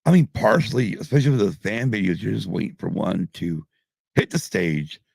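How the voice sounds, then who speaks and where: A man's voice: on the low side, expressive, fairly quick, gravelly, a little mellow, husky, no echo, clean studio sound. A middle-aged man hosting a podcast live stream, rambling and swearing constantly while drinking. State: drinking, tipsy. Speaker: podcast host. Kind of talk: casual live-stream chat.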